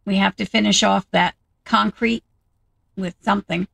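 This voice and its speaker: Woman game commentator, very gravelly, dry close mic, chatty and unhurried. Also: medium pitch, fairly even intonation, a bit bright, no echo, rough recording. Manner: thinking aloud, chatty and unhurried. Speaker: gaming video host.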